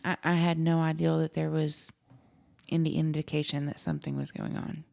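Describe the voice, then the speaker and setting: A woman with a light Southern accent and a low, gravelly voice. She talks hesitantly in a casual podcast chat and often repeats her words. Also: flat delivery, moderate pace, darkish tone. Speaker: paranormal investigator.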